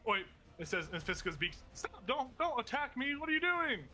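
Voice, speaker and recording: Man doing a shrill pleading beaked creature. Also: very animated, moderate pace, pushed and bright, heavily acted.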